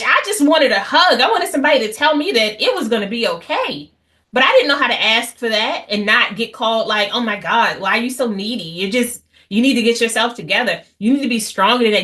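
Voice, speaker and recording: Bright, animated woman leading a class. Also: mid-range voice. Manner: animated and blunt, with asides and mock voices. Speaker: class host on healing after infidelity. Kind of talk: lively lecture to an audience.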